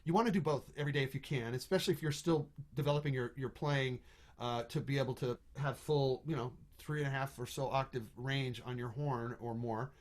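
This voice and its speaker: A man's voice: mid-range voice, fairly even intonation, fairly quick. A middle-aged man teaching trombone over a video call, talking casually, thinking aloud and singing rhythms on "da" syllables. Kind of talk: online music lesson.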